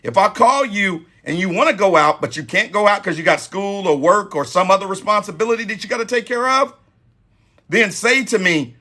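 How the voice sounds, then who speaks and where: A man in his forties with a high, bright voice gives dating advice live. He talks emphatically and drives points home by repeating them. He sounds friendly and direct. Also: animated, brisk. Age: 40s. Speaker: host.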